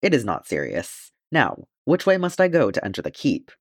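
A man's voice: medium pitch, huge pitch swings, moderate pace, no room sound, studio quality. A man reading the part of a courteous, stalwart male dwarf warrior in an audiobook, in formal, gallant speech.

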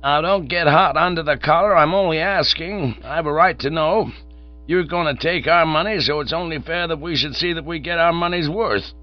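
A man's voice: fairly high pitch, moderate pace, pitched above the performer's own voice, lightly acted. A man voicing a stout, cold-eyed American businessman who speaks bluntly and insistently, on a dull recording with a mains hum.

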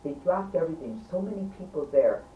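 A woman telling a personal story in casual conversation, emphatic and animated, repeating words for stress and laughing between phrases. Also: deep voice, quick pace, narrow, tinny audio. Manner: animated, chatty, laughs mid-sentence. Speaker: storyteller recounting an accident. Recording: roomy, distant mic, faint background noise.

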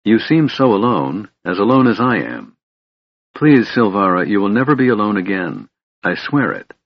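A man's voice: fairly low pitch, very animated, normal speed, breathy edge, no room sound, exaggerated voice. A man voicing an anguished young male elf, earnest and pleading, on a dull dry recording.

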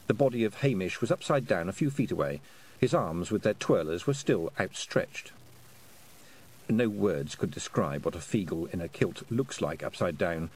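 A man's voice: fairly low pitch, a little mellow. A man reading a story aloud in a dry, wry narrating manner. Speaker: audiobook narrator. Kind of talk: scripted narration.

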